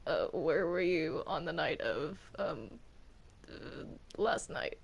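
A hesitant courtroom lawyer, voiced by a player in a casual game role-play. The delivery is slow and halting, full of ums as the lawyer tries to calm everyone down. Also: mid-range voice, gravelly, slightly rough, heavily acted. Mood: placating. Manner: hesitant, placating, lots of uh and um. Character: flustered courtroom lawyer keeping order.

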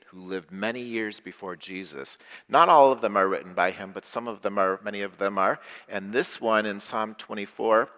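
Guy preaching a simple sermon, lowish bright voice, has folks repeat lines after him, big echoey church. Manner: slow, simple phrasing with call-and-response prompts. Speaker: pastor. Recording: echoey hall with long reverb.

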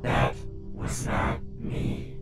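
A man voicing a calculating young detective through a voice modifier, flat and measured. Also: very echoey, recorded from a distance, music in the background, rough recording. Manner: surprised at first, then low monotone address.

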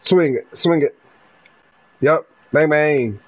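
A young man from North Carolina, giving live gameplay commentary full of profane trash talk and bursts of yelling. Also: a little high, slow, poor audio. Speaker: gamer streamer.

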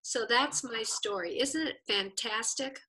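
A woman teaching a lesson, telling a story in an animated way and acting out the people in it. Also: fairly high pitch, measured pace. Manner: animated storyteller who acts out the people she quotes. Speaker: Bible and Hebrew teacher. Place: teaching a class with a screen.

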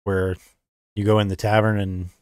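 An American man with a fairly low voice, co-hosting a live painting stream. He reads viewer comments aloud in a relaxed way, with a few hesitant fillers. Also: moderate pace, smooth. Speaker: co-host reading chat. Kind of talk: casual live-stream chat.

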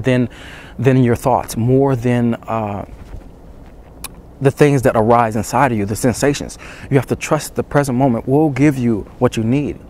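A man giving dating advice in a hushed, intense voice, urging again and again, shivering from the cold outdoors before dawn. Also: medium pitch, a little hiss or hum. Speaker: dating coach. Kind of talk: motivational talk to camera.

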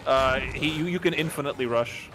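A man giving enthusiastic color commentary on a competitive video game, with quick exclamations. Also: mid-range voice, noisy background. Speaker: esports co-caster.

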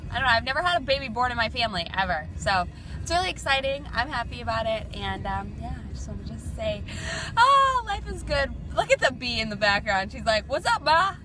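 A young woman vlogging in a car, bubbly and excited as she talks to her viewers. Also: fairly high pitch, fast. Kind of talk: casual talk to camera.

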